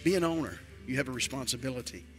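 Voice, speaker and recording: A man's voice: medium pitch, expressive, quick pace, fairly bright tone, faint music behind. An older man, a retired pastor, preaching a sermon in a church with emphatic, repetitive declarations.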